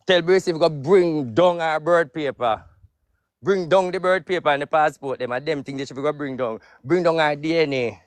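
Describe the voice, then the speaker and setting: Man, Jamaican accent, profane heated rant, high-pitched, dry close sound. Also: dry recording. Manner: profane, heated, patois-heavy. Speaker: social media personality. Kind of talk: live video rant.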